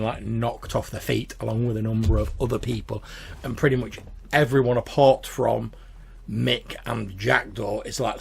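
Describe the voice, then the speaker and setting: A man's voice: on the low side, gravelly, a little hiss or hum. A man narrating as game master of a tabletop role-playing game, casual and full of fillers. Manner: casual, filler-heavy, says like a lot.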